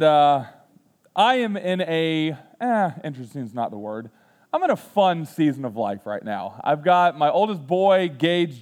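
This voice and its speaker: A student ministries pastor in his thirties, with a slightly high voice, jokes through a sermon built on personal stories. He pokes fun at himself and acts out quotes, then grows quiet and earnest when he reflects.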